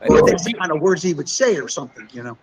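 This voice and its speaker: A man's voice: a little high, very animated, heavy background noise. A man talking casually with other paranormal investigators, often stumbling and repeating words as he starts a thought. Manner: halting, repeats words when starting sentences. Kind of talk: casual group chat.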